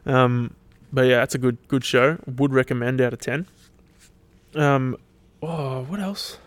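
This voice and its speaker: An Australian man hosts his own podcast in an unhurried, steady, medium-pitched voice. He rambles in a laid-back, casual way, swears freely, and sounds tired and yawning.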